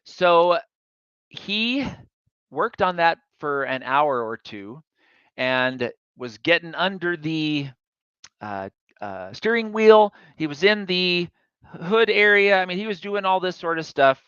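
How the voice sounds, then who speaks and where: A man tells a chatty, self-deprecating story during a public talk. His voice is bright and smooth, and a little higher than most men's. The sound is dry and slightly dull. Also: animated, slow, no room sound. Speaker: guest speaker.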